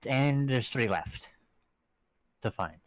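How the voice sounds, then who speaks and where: A man's voice: medium pitch, animated. A man playing in a tabletop game, talking casually and restarting his sentences as he reasons things out. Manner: halting, with restarts. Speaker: player.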